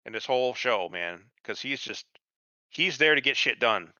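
A man's voice: medium pitch, lively intonation, normal speed, pushed and bright, dry recording. A man co-hosting a casual podcast, ranting heatedly and sarcastically, swearing freely and acting out characters as he goes. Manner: heated, sarcastic, acts out characters mid-rant. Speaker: podcast co-host. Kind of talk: casual profane chat reviewing a show. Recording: dull lo-fi sound, dry.

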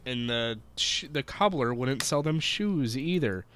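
Lively, bright-voiced man joking around. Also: medium pitch, unhurried, a little hiss or hum. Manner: profane, jokey, laughs often. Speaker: podcast co-host. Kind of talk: casual chat recapping a show.

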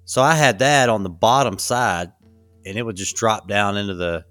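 Guest guy with a lowish voice, rambling, lots of um and like, dry close sound, a bit of music. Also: normal speed, a bit bright, no echo. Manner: rambling, restarts sentences, many fillers. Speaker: podcast guest. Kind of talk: casual conversation.

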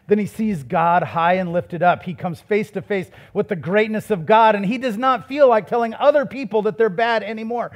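High-voiced man preaching a sermon. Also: moderate pace. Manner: conversational preaching that builds to emphatic, raised passages. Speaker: pastor.

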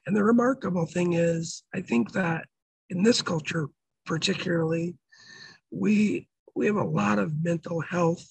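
A middle-aged pastor with a raspy, damaged voice, telling his life story earnestly in an interview, often halting and restarting. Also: high voice, no room sound, rough recording. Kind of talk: testimony in an interview.

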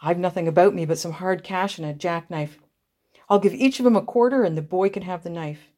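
A woman acts out a young soldier in a storybook, a plain-spoken fellow home from the war. He talks frankly and a bit louder than the narration, with a rueful edge. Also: lowish voice, a little fast, close to an everyday voice. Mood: eager. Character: young wounded male soldier, rueful but game.

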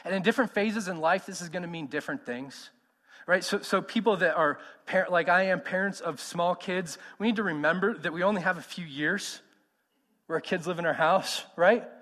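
High-voiced man preaching an emphatic sermon. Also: moderate pace, a bit bright, big-room sound. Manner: emphatic, conversational, asks the crowd questions. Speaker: pastor.

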